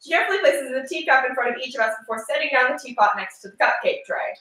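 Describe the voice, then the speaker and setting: A woman's voice: high-pitched, quick pace, pushed and bright. A woman streamer reading game narration aloud with giggly, sarcastic asides, recorded far from the mic in an echoey room.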